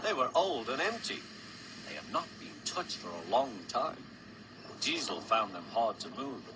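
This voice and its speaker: A man narrating a children's train story in a lively, expressive storybook manner. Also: mid-range voice, a little slow, background noise. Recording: loud background music.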